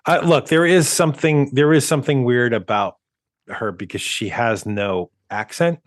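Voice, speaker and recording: A man's voice: mid-range voice, fairly even intonation, moderate pace, no room sound, clean studio sound. A man co-hosting a movie podcast in casual chat, rambling with many restarts and chuckles. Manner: rambling, restarts often, chuckles while talking. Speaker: podcast co-host.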